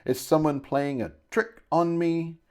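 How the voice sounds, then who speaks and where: A man's voice: fairly high pitch, fairly even intonation, a little slow, clean tone, pitched above the performer's own voice, natural voice. A man voicing a fat, pompous male shopkeeper avatar who gushes and blusters in an audiobook. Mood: indignant. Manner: effusive, blustering. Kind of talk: audiobook character voice.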